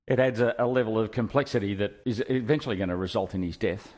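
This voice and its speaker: A man's voice: on the low side, quick pace, a little mellow. Teasing male player in a casual chat. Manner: teasing and blunt. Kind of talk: casual recap of a tabletop game.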